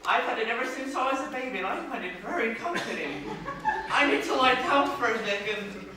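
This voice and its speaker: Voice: medium pitch, animated, fairly quick, natural voice. A performer playing a timid, nervous young male accountant who stammers and breaks into hysterics, in stage comedy style. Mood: panicky. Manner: jittery, stammering, prone to hysterics. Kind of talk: stage musical comedy acting. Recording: echoey stage sound from far off, faint noise.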